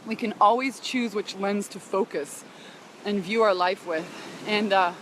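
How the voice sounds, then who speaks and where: A business coach goes live for her followers while walking on a beach, speaking casually and emotionally, laughing and sighing often and greeting viewers by name. Her voice is medium-pitched and a little slow, with slight background noise.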